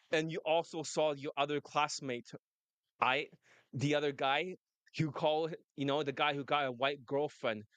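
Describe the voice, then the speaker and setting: A man's voice: a little high, steady tone, slow pace, long pauses, fairly bright tone, clean tone, no echo. A man coaching on dating, talking brashly and laughing often in casual chat. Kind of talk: casual monologue and phone call.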